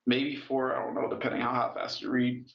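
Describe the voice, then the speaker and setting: A man talking in loose, profane casual chat. He slows down and halts when the topic turns heavy. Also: medium pitch, flat delivery, vocal fry. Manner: loose, profane, talks while eating and moving around; slow and halting on heavy topics. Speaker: guest in a conversation. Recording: dull lo-fi, roomy echo.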